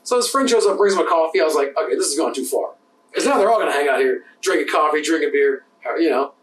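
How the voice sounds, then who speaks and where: A man, a bartender co-hosting a podcast, telling animated stories in casual chat, acting out the exchanges and swearing freely. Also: on the high side, quick pace, echoey room, far from the mic, a crowd in the background. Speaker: podcast co-host.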